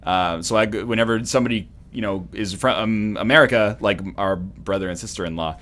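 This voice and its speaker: A man's voice: on the low side, brisk. A Canadian man hosting a let's play, chatting in a rambling, jokey way while he games. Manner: rambling, jokey, animated storytelling. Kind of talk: casual gaming commentary.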